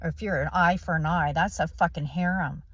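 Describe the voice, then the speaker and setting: A woman's voice: low voice, steady tone, a little fast, a bit bright, no room sound. A woman vlogger delivering a blunt, preachy, profanity-laced ranting monologue. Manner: blunt, swears constantly, preachy.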